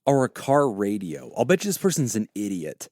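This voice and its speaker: Lively, laughing podcast co-host man. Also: on the low side, normal speed, no room sound, studio quality. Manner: swears freely and laughs often. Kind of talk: casual podcast banter during a guessing game.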